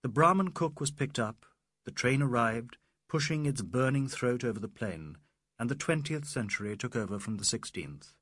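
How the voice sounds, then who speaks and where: A man reading a novel aloud as narrator, expressive and measured. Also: medium pitch, no room sound, clean studio sound. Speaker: audiobook narrator. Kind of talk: scripted narration.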